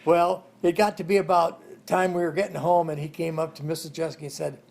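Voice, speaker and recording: Older man, gravelly voice, fairly high-pitched, rambling interview storytelling with chuckles. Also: flat delivery, a little fast, darkish tone. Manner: rambling, chuckling as he tells stories. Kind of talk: oral history storytelling.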